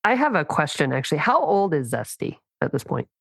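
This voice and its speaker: A woman co-hosts a dog training podcast with a strikingly deep, low voice. She sounds enthusiastic and reacts eagerly, and her voice is close and dry with no room sound. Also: sing-song, brisk, gravelly, a bit bright, dry recording. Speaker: podcast co-host. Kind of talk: casual podcast chat.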